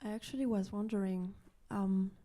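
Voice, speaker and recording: Woman, a student composer, answering her teacher at a rehearsal. Her voice is mellow and dark in tone, and she sounds tentative, pausing on fillers. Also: mid-range voice.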